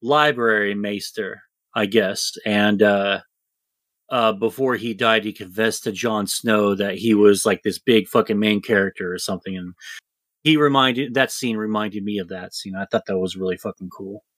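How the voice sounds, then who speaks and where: A man's voice: moderate pace, a bit bright, no room sound. Profane man in casual podcast chat. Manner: profane, mimics characters in exaggerated high voices. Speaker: podcast co-host.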